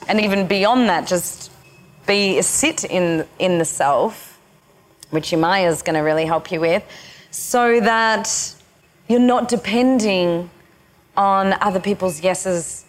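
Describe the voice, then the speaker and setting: A woman spiritual teacher leading a retreat session, speaking slowly and haltingly with many pauses. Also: medium pitch.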